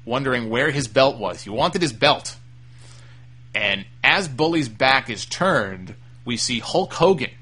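A man's voice: mid-range voice, sharp tone. A man hosting a solo podcast, recapping and reading listener mail in a frank, opinionated way with casual swearing. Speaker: wrestling podcast host.

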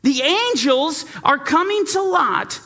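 A man delivers a sermon with urgent, emphatic force. His voice sits very high and sounds bright. His pitch swings widely as he presses each point. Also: animated, slow. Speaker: preacher.

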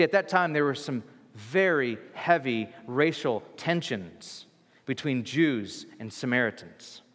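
A man preaching a sermon in a casual, animated storytelling manner. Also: fairly high pitch, in a large hall.

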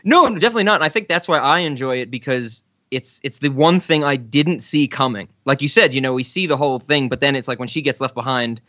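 A man co-hosting a podcast, chatting casually about comedy sketches, laughing often and letting his words trail off softly. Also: medium pitch, quick pace, hardly any pauses, dry recording, dull audio. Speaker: podcast co-host. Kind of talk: casual chat reviewing sketches.

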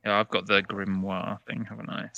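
A man's voice: on the low side, flat delivery, brisk, vocal fry, sharp tone, no room sound, highs cut off. A man playing a tabletop game, chatty and describing his character with many fillers. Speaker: player. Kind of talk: casual chat at a tabletop game.

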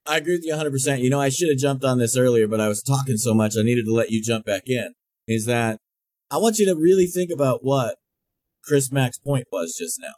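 A man's voice: mid-range voice, fairly quick, darkish tone, dry recording, clean studio sound. An older man hosting a heated political talk show, blunt, mocking and defiant. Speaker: host.

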